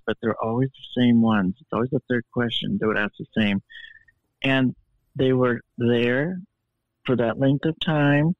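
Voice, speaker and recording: A man spins a story in a flamboyant, theatrical manner, his voice thin and tinny as if coming through a phone line. The sound is dry, with no room around him, and his pitch sits at an ordinary middle for a man. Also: dry recording. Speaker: podcast guest. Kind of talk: animated storytelling.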